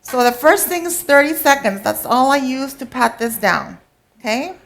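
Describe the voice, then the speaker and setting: A woman's voice: high voice, lively intonation, moderate pace, gravelly, slight background noise. Chatty woman teaching biscuit baking. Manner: chatty, instructive, checks in with audience. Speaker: cooking instructor. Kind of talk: live cooking demonstration. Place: teaching kitchen before a live audience.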